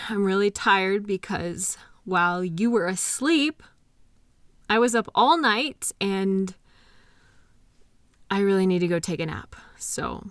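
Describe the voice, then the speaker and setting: A woman's voice: medium pitch, no echo, clean studio sound, close to an everyday voice. A woman voicing a devoted girlfriend who is worried and exhausted, talking in an emotional, pleading way with frequent sighs, in an intimate audio roleplay. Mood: tired, soft. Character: anxious, devoted girlfriend, exhausted after a sleepless night.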